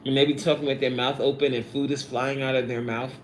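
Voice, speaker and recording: A woman in her forties with a deep bass voice talks quickly on a live stream, her pitch barely moving. She playfully reads chatters' names aloud and eats while talking, in a room with an echo and faint noise.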